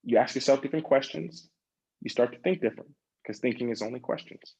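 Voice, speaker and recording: A man's voice: medium pitch, fast talker, vocal fry, a little mellow, breathy edge, muffled recording. A man leading a group coaching session over a video call, talking in a loose, chatty way with many fillers and acting out the questions people ask themselves. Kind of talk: casual motivational coaching talk.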